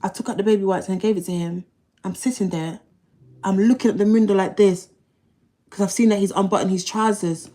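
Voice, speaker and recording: A woman's voice: mid-range voice, fairly even intonation, fairly quick, dark tone. A woman telling a personal story on a livestream. She talks bluntly, in slang and profanity, and often repeats herself. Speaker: livestream host.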